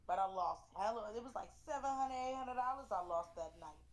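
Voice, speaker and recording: A woman's voice: medium pitch, expressive, a little fast. A woman in her early twenties, an interview guest, telling a story in a blunt, profane, emphatic way. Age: 20s.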